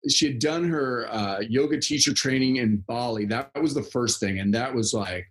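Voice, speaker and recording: A man's voice: medium pitch, moderate pace, fairly bright tone. A young man chatting casually as a podcast guest, rambling with lots of fillers and frequent laughs. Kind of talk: casual conversation.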